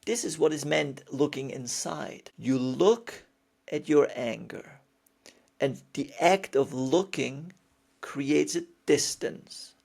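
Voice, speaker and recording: A man speaking as a spiritual teacher in a calm, reassuring motivational talk with playful emphasis. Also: fairly high pitch, slow, gravelly.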